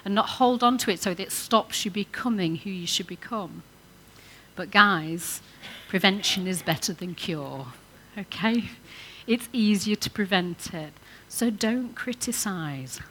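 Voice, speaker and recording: Bright-voiced woman preaching to couples. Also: medium pitch, expressive, a little slow. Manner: chatty, coaxing the audience to join in. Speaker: church speaker on marriage. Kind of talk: informal sermon to couples.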